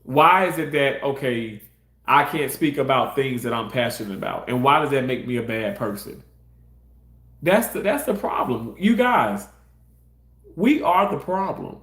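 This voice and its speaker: A man's voice: medium pitch, lively intonation, measured pace, a bit bright, reverberant. A man ranting on his live stream in a passionate, heated way, cursing and repeating himself. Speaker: live-stream content creator. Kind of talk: casual live-stream rant.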